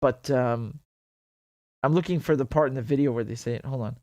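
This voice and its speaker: A man hosts a casual livestream in a mid-range, slightly darkish voice, speaking a little fast. The audio is clean studio sound with no room echo. He chats loosely, laughs often, and slips Arabic phrases in among his English.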